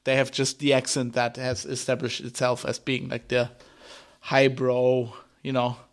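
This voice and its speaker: A man's voice: medium pitch, monotone, a little slow. A man from Germany speaking English, chatting casually as a podcast host and laughing easily. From rural Germany.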